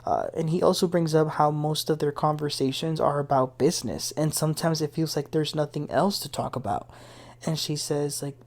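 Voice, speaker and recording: A woman's voice: low-pitched, normal speed, darkish tone. A woman hosting a casual reality TV recap, retelling scenes in a chatty way with her own opinions and asides. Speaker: TV recap host.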